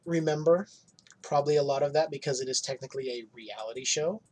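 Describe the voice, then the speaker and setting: A man chats loosely as a podcast host, his voice a touch husky. He talks bluntly and swears freely, cracking crude jokes. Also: medium pitch, quick pace, darkish tone. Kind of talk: casual chat.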